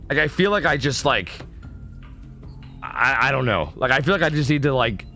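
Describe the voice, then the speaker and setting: A man's voice: medium pitch, a bit bright. A man streaming casually, rambling and swearing, and filling his talk with "like". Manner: rambling, heavy use of filler "like", swearing.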